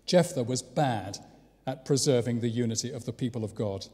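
A man's voice: medium pitch, moderate pace, darkish tone. An English man preaching a sermon in a conversational way, with rhetorical questions and wry asides. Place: large church. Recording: long church reverb.

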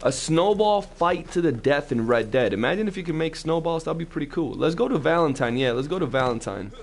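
A young man chatting casually on a live game stream, talkative and slangy, telling animated stories to his chat. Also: a little high, fairly quick, vocal fry, faint music behind.

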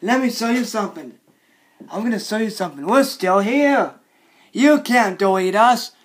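A man vlogging an angry, repetitive rant, often shouting and scolding. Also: high voice, animated, moderate pace.

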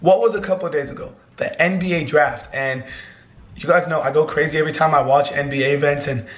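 Young man, hoarse voice, slightly high pitch, excitable joking vlogger. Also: fast, roomy sound. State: hoarse, losing his voice. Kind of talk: casual vlog talk.

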